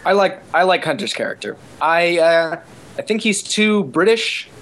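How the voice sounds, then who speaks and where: Jokey high-voiced man. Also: animated, moderate pace, fairly bright tone. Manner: jokey, irreverent. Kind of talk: casual chat about TV episodes.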